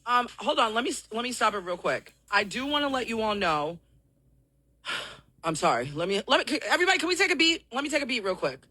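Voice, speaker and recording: Host type: hoarse woman, bright edge, high for her, explains at length, dry close sound. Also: very animated, brisk, no echo. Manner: apologetic, explaining at length to viewers. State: hoarse from coughing; out of breath. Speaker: live show host. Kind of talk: live-stream talk show address.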